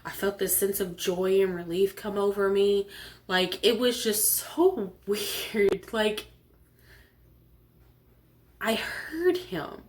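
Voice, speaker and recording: A woman hosting her own show and telling a personal story with a sore throat, animated, laughing often and acting out the voices of the people she quotes. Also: mid-range voice, slow pace. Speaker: host.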